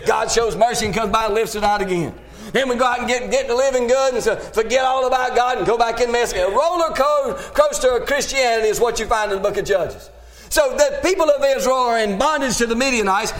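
Very high-voiced male preacher. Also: fairly quick. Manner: emphatic preaching, rising to shouts, repeating amen; folksy plain-spoken grammar. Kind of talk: sermon.

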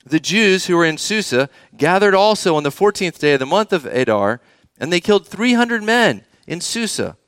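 A man's voice: sits high, sing-song, moderate pace, fairly bright tone, clean tone, dry recording, studio quality. A man preaching a sermon, reading scripture aloud and asking the children in the congregation questions. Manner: engaging, asks the children questions. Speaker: pastor.

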